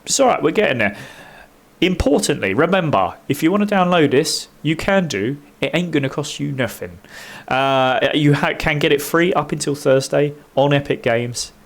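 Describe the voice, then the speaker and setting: Fairly high-pitched and animated with some vocal fry, this British gaming streamer narrates his play at a moderate pace. His commentary is casual and self-deprecating, peppered with fillers and occasional humming.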